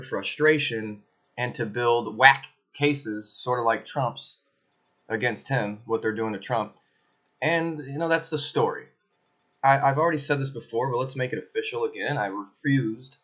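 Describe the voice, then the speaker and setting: A man's voice: mid-range voice, a bit bright, lo-fi sound. A man talking to camera in his apartment, in a casual, emphatic and accusatory monologue with suspicious asides. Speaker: video blogger.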